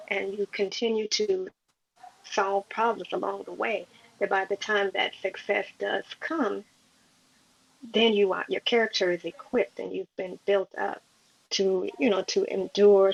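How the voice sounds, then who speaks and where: A woman with a heavily gravelly, husky voice speaks in measured, motivational thoughts. She sounds dry and close, and the audio is dull and lo-fi. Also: medium pitch, steady tone. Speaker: panel participant. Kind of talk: casual discussion on an audio chat room.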